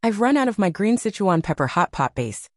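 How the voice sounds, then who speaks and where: A woman's voice: medium pitch, very animated, fairly quick, dry recording, studio quality. Woman voicing a kind, frugal young woman. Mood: practical. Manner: gentle, practical. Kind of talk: audiobook character voice.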